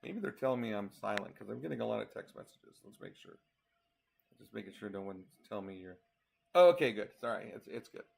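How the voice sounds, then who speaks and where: A man's voice: fairly low pitch, fast talker. A tired man from Colorado giving a casual live weather update, walking through forecast maps hour by hour. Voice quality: gravelly. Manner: talks through model maps, counting hours aloud. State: tired, yawning.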